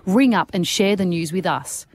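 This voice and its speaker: A woman hosting talk radio with a slightly low voice. She chats easily, jokes with her co-host and steers the callers along. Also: a little mellow. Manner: chatty, quick to joke, leads the calls. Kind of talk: casual radio chat.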